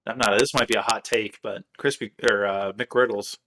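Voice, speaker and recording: A man's voice: fairly low pitch, steady tone, moderate pace, sharp tone. A man hosting a podcast, chatting casually and telling rambling stories full of fillers. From Michigan. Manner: rambling storyteller, many fillers. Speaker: podcast host. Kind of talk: casual chat.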